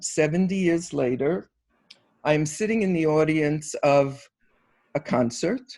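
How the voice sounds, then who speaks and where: An older speaker in their seventies recounts family memories at an unhurried pace over a video call. The voice is of middle pitch, and each story unfolds with plenty of pauses. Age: 70s. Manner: slow, unhurried storyteller with a warm laugh. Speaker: panel speaker.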